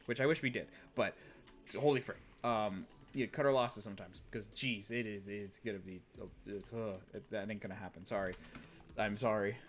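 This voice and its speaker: A young man commentating a video game stream, exasperated and talking to himself, swinging from low muttering to loud outbursts. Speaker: gaming streamer. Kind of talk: let's play commentary.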